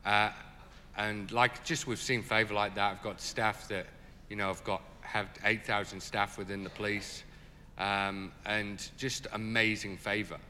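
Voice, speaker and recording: A man telling stories in an interview as a charity leader, animated and full of fillers. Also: fairly low pitch, measured pace, in a large hall, slight background noise. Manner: animated, lots of fillers, laughs as he tells it. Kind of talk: storytelling in an interview.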